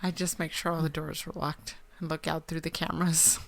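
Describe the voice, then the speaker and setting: A woman's voice: sits low, level tone, a little fast, gravelly. A woman co-hosting a casual podcast chat, laid-back and teasing. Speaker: podcast co-host. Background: dogs in the room.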